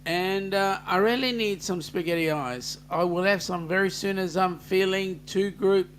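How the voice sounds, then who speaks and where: A man's voice: high voice, normal speed, slight background noise. An Australian man hosting a casual live-stream chat, jokey and chatty as he greets viewers by name and reads out their comments. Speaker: host.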